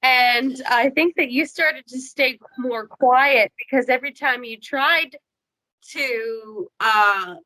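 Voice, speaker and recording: A woman's voice: high-pitched, takes it slowly, sharp tone, no room sound, low-quality recording. A woman hosting a podcast, telling stories in a rambling way full of "like". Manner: rambling storytelling with many "like"s. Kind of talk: casual podcast chat.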